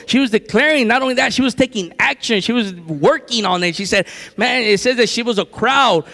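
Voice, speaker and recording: High-voiced man preaching in reverberant church. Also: a little fast, hardly any pauses. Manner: lively storytelling, acts out quotes with laughs. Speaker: guest preacher. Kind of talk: sermon. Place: church sanctuary. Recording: long church hall reverb.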